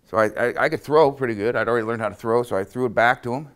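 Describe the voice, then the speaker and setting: A man's voice: mid-range voice, expressive, fast talker, a bit bright, smooth. A middle-aged man telling a self-deprecating, humorous story from his childhood as a motivational talk.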